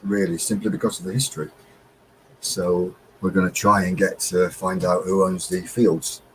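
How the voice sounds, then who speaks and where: A man's voice: sits low, level tone, moderate pace, a little hiss or hum, poor audio. A man, co-hosting a casual live chat and laughing often. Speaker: livestream co-host.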